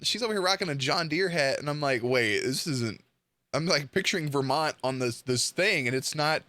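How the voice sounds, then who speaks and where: A man's voice: fairly high pitch, expressive, normal speed, pushed and bright, dry recording. A man hosting a reaction video, chatting casually and joking about what he hears. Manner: joking, teasing, mock accents.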